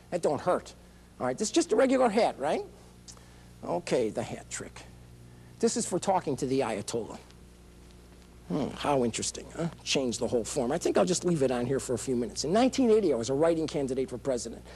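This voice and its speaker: A man's voice: on the high side, a little mellow, slight background noise. A middle-aged man giving a rambling, theatrical speech as a political candidate, dropping into phrases of other languages. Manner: rambling, theatrical, jumps between topics; breaks into foreign phrases. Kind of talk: public-access TV speech.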